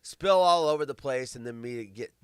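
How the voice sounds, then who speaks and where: A middle-aged man hosting a live show, rambling and swearing, with big swings between loud bursts and mumbling. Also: medium pitch, normal speed, smooth, no echo. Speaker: podcast host. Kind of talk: casual live-stream chat.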